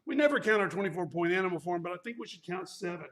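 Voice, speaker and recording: A male martial arts instructor with a high, fairly bright voice talks rapid-fire and animatedly while leading a live workout class. In an echoey studio he counts reps aloud and cracks playful, corny puns.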